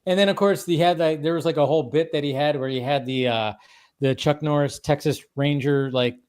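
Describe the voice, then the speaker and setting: A man's voice: fairly high pitch, fairly even intonation, a little fast, a little mellow, clean tone. A man hosting a live stream, chatting casually and rambling with many restarts and acted-out quotes. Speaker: stream host. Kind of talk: casual chat.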